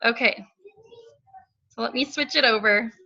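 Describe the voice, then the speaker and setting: A woman hosting a coaching call, with a slightly high and bright voice. She chats in a relaxed, offhand way. Her voice comes through a dull, lo-fi video call line. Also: unhurried. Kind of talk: casual chat.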